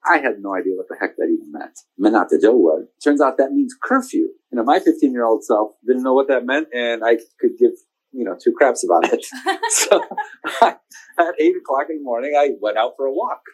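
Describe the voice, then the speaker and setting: A man in his forties tells a long personal story as an interview guest, speaking at a medium pitch in a casual tone. He gets animated when he acts out what other people said, and he laughs often along the way. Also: brisk, husky, low-quality recording. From United States.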